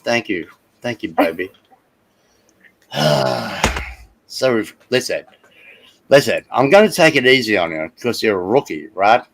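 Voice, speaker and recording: A middle-aged Australian man hosting a casual livestream, loud and brash and swearing freely. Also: on the low side, sing-song, a little slow, long pauses, a little hiss or hum, low-quality recording. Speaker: stream host.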